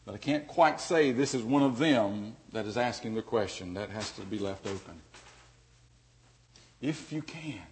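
A man preaching a sermon as pastor, dynamic, dropping to a hush and then rising loud and emphatic. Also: mid-range voice.

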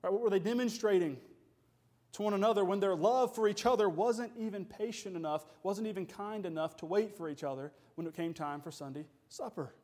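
A man's voice: sits high, brisk, a little mellow. A man preaching a sermon as pastor, emphatic and full of rhetorical questions.

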